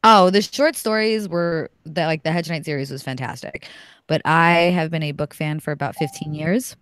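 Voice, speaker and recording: Brief: woman, 30s, low voice, dry close sound, swears freely, blunt and lively podcast guest. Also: normal speed, no echo. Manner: profane, blunt and animated. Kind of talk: casual podcast chat.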